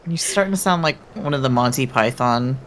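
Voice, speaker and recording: A woman's voice: very deep voice, animated, brisk, slight background noise. An American woman chatting and teasing playfully while playing a game with a friend, laughing often. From United States. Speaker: co-player. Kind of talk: casual gaming chat.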